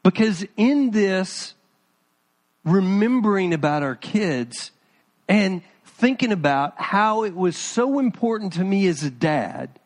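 A man's voice: sits high, lively intonation, slow pace. A middle-aged man, a pastor, preaching a conversational sermon and talking to his congregation by name.

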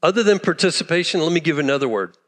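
Impassioned high-voiced male pastor preaching. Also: animated, fast talker. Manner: impassioned, swings from loud to hushed. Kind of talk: sermon. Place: church sanctuary. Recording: long reverb of a church hall.

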